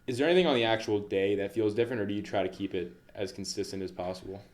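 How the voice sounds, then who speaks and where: Male co-host, lower voice, loose conversational questions, lots of "you know". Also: very fast, a little mellow. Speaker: podcast co-host. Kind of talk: casual interview chat.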